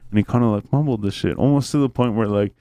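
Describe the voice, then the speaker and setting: A man's voice: medium pitch, fast talker, dark tone, no room sound. A man hosting a podcast, telling a story in casual, rambling chat, full of swearing and filler words. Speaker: podcast host. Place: podcast studio.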